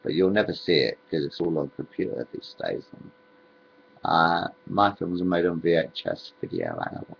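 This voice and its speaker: Rambling gravelly man, lo-fi. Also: low-pitched, big pitch swings, normal speed. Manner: meandering, repeats himself, drifts between topics. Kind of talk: rambling home video monologue.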